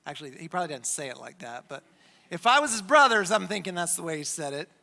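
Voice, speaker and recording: A pastor preaching a sermon, retelling a scripture story with dramatic pauses and dropping low for emphasis. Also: sing-song, gravelly, pushed and bright. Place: church sanctuary. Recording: long church hall reverb.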